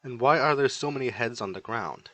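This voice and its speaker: A man's voice: medium pitch, fairly quick, sharp tone, no room sound. A man voicing a pious young nobleman who asks puzzled, bewildered questions.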